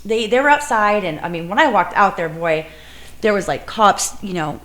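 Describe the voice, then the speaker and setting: A woman's voice: medium pitch, expressive, normal speed, fairly bright tone. A woman who co-runs a music venue telling a story in a casual interview, rambling with fillers and self-corrections.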